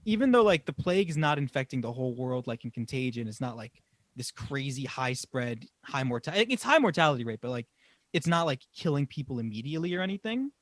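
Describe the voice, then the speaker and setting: A man's voice: medium pitch, big pitch swings, fast talker, dry recording. A man co-hosting a casual podcast chat, rambling through his thoughts with frequent laughs and swearing. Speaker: podcast co-host.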